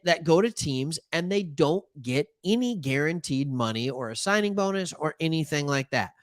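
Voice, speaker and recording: A fairly high-voiced man from Michigan talks sports in a loose, animated way, tossing in jokes and side comments as he goes. The sound is dry and close, with no room around him. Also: no room sound. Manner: animated, joking asides, plays imagined callers. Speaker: sports talk show host.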